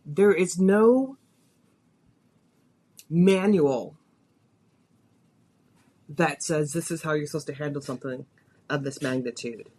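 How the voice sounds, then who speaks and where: A woman's voice: low-pitched, slow, pauses often, mellow, slight background noise. A woman hosting a podcast, telling a personal story in a confessional, emotional way, her voice rising and falling with feeling. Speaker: podcast host.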